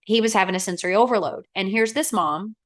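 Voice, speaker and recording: Talking fast in a medium-pitched voice, this thirty-something Arizona real estate agent appears as a guest in casual conversation. She tells stories animatedly, performing what people said by raising her voice for the quotes.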